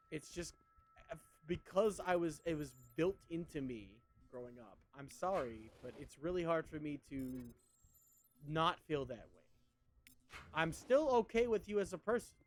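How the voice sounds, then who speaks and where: A man in his thirties chatting casually on a stream, rambling and conversational. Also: fairly high pitch. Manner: rambling, conversational, with many fillers and restarts. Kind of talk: casual chat while streaming.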